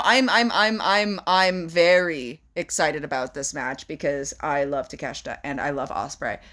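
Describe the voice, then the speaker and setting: A woman's voice: deep voice, fairly bright tone. A young woman co-hosting a casual podcast, talking in emphatic, profane bursts. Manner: emphatic, profane, rapid rants. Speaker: podcast co-host. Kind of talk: casual chat about wrestling.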